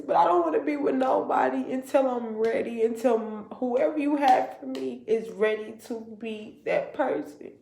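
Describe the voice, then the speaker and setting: High, gravelly woman confiding to viewers. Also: normal speed, few pauses, a little mellow, echoey room, a little hiss or hum. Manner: emotional, confiding, talks straight to viewers. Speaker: vlogger. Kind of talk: personal storytelling vlog.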